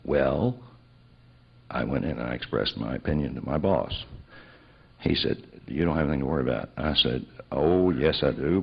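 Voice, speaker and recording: Very deep gravelly guy telling old stories, husky, dull lo-fi sound. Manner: storytelling, acting out both sides of remembered dialogue. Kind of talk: telling a personal story. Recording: dull lo-fi recording.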